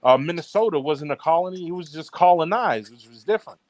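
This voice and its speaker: A man from the East Coast, co-hosting a podcast, trash-talking in loud, mocking banter and tacking "bro" onto line after line. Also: fairly high pitch, expressive, fast talker, slight background noise. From Baltimore area, East Coast US. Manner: brash, mocking, repeats himself with "bro". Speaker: podcast co-host. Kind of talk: casual trash-talk banter.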